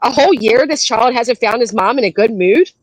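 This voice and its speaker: A woman's voice: on the high side, expressive, brisk, no room sound, rough recording. A woman hosting a reaction commentary show, ranting bluntly and scolding with lots of profanity. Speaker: commentary host.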